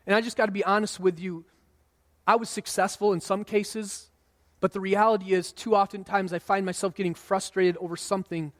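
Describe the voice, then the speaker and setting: High-voiced male pastor preaching. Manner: conversational preaching, acts out quoted voices. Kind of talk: sermon. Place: church sanctuary. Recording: long hall reverb.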